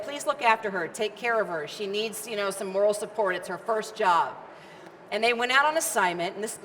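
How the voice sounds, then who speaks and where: A middle-aged woman giving an energetic, emphatic motivational speech, repeating phrases for rhythm. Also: a little high, slight background noise. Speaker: keynote speaker. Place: large event hall. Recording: reverberant hall with faint ambience.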